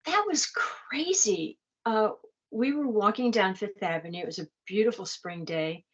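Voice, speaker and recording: A woman's voice: medium pitch, lively intonation, normal speed, highs cut off. An older woman, a guest in a casual chat, telling anecdotes with laughter. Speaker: interview guest. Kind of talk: casual storytelling.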